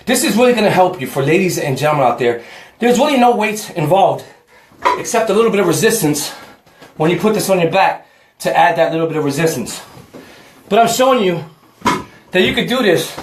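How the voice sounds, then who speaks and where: A man vlogs a home workout, a bit breathless and chatty as he talks to the camera. His voice sits slightly high, and the room around him echoes. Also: lively intonation, a little fast, long pauses. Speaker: fitness vlogger. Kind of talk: casual home workout vlog.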